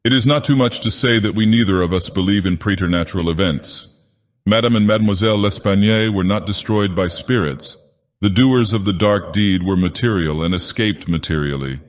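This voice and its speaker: Male actor as a brooding divine villain narrating a tale, very low voice, long cavernous reverb. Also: a little fast, lightly acted. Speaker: audiobook narrator. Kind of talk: storybook narration in character.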